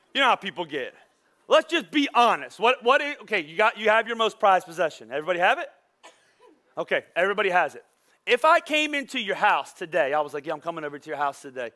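A man's voice: on the high side, pushed and bright. A man preaching a sermon as pastor, in a casual, joking way that acts out the voices of his listeners. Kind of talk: conversational sermon.

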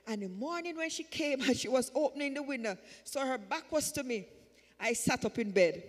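A woman's voice: fairly high pitch, lively intonation, normal speed, big-room sound. A woman telling her personal testimony at a church service, in a repetitive, emphatic way that builds in fervor. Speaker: church member giving a testimony. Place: church sanctuary.

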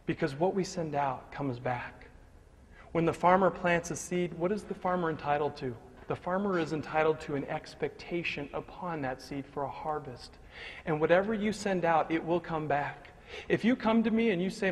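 A high-pitched man gives a live motivational speech with storytelling to an audience in a large hall, speaking briskly. He's animated and funny, swinging between loud punchlines and hushed moments. The recording carries the hall's long reverb and a faint hiss.

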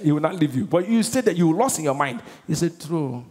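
A man's voice: a little high, lively intonation, fast, a little mellow. A Nigerian man preaching a sermon as pastor, emphatic and constantly quizzing his congregation. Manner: emphatic, keeps asking the congregation questions. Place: large church auditorium. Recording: long reverb of a large church hall.

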